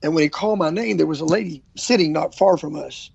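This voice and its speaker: A man's voice: on the high side, fast, vocal fry, slightly rough, no room sound, lo-fi sound. An older man, an evangelist telling stories in a casual interview and acting out what people said. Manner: animated storyteller, acts out quotes. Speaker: traveling evangelist preacher.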